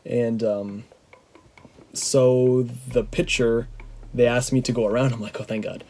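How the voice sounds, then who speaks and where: A young man from Canada, a vlogger, telling a rambling, excitable story to camera, full of fillers and restarts. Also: mid-range voice, slow pace.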